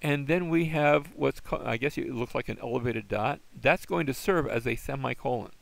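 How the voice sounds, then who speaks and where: A man's voice: medium pitch, normal speed, gravelly, dry recording. A man teaching a Greek lesson in a casual, hesitant way, with many fillers and restarts. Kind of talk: informal recorded lesson.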